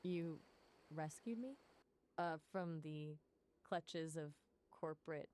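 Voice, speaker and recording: A woman's voice: sits low, slow, a little mellow. A synthetic woman's voice playing an AI companion, chatting in a playful, witty manner. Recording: noisy background.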